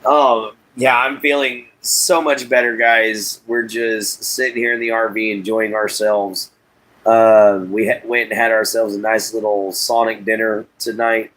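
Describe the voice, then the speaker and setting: A man's voice: fairly low pitch, level tone, unhurried, a bit bright, low-quality recording. A man hosting a casual livestream from inside an RV, talking to his chat in a folksy, drawling way. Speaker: livestream host.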